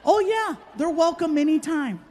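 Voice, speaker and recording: A man's voice: very high voice, lively intonation, normal speed, darkish tone, a little hiss or hum, voice pushed up. A man voicing a perky, overfriendly young woman barista in a bubbly singsong voice, as a stand-up comedian. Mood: sweet.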